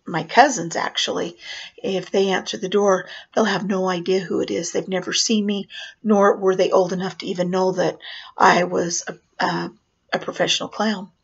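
Husky gravelly lady telling a clown story slow, whispers bits, dull lo-fi sound. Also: on the low side. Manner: animated, acts out voices and drops to whispers. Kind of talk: personal storytelling.

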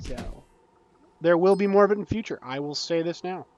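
A young man giving casual, excitable commentary while playing a game, breaking into panicky outbursts and joking about his own skill. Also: high-pitched, normal speed, dull audio, slight background noise. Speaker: gaming YouTuber.

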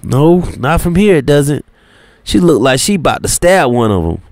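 A man's voice: fairly high pitch, sing-song, normal speed, a little mellow, no echo, voice pushed up. A man voicing a protective older brother who squares up to strangers, tense and pushy. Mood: worried. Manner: tense, confrontational, raised voice.

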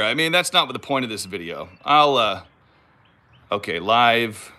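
Lively, bright-voiced Californian man. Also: mid-range voice, unhurried. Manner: rambling and self-mocking, reads viewer comments aloud. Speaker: channel host. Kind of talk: casual livestream chat. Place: home, moves about the property. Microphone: phone.

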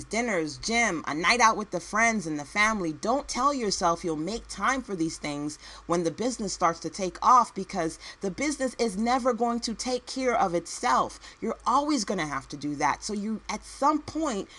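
A woman's voice: mid-range voice, sharp tone. A woman entrepreneur and work-at-home mom giving a motivational speech, with punchy one-word headings, repeated phrases and conversational asides to the listener.

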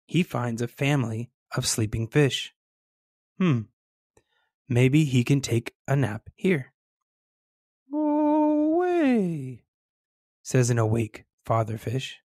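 A children's storyteller reading aloud gently and expressively, leaning into the sound words. The pace is slow and deliberate, and the voice is mid-range. It is recorded dry and close, with no room sound. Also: mid-range voice, steady tone, no room sound.

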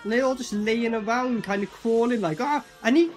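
A film reviewer giving casual, profane reaction commentary and acting out characters in quick asides. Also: mid-range voice, steady tone, shouting, heavy background noise.

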